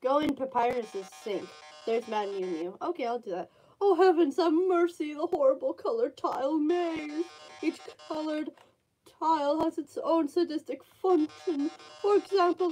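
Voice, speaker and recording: A woman voicing a flamboyant robot TV star in a lowered voice, with drawn-out melodramatic delivery. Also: warm tone, slight background noise, poor audio.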